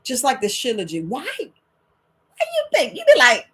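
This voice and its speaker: Lively woman herbalist talking freely. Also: fairly high pitch, moderate pace. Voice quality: animated, talks back and forth with imagined listeners. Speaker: herbalist host. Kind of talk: casual monologue.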